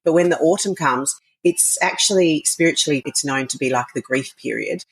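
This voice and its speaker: A woman's voice: low-pitched, normal speed, husky, dry recording, rough recording. A woman, speaking as a podcast guest in an enthusiastic, rambling way. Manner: enthusiastic, rambling, frequent fillers and laughs. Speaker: podcast guest, wellness coach. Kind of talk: casual interview chat.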